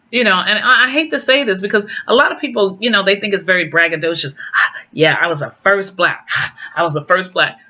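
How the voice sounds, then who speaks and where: Animated storytelling woman, bright voice. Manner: animated, acts out quoted dialogue with pitch jumps. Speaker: guest sharing personal stories. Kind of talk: casual storytelling. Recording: dull lo-fi recording.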